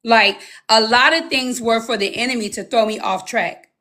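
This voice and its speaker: A woman in her thirties sharing a personal testimony as an interview guest, telling it with animated storytelling and acting out her own past words. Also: on the high side, moderate pace.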